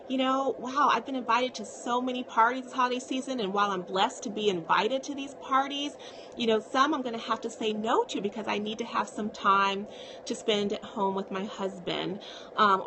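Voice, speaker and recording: A woman's voice: medium pitch, background noise. A woman psychiatrist talking casually to viewers on a live stream, reassuring and often checking in with "okay?".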